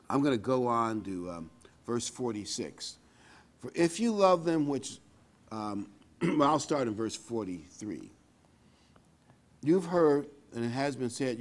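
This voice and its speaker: A man's voice: medium pitch, a little mellow. Man preaching a casual conversational sermon. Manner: conversational preaching with fillers, reads scripture aloud. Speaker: pastor.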